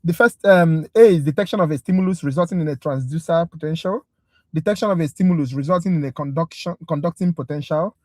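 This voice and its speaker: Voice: mid-range voice, quick pace, a little mellow, no room sound. Casting: chatty, exasperated livestream tutor, direct with viewers, dry close sound. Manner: exasperated, talkative rant; direct, addresses viewers as guys. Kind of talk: casual livestream review class.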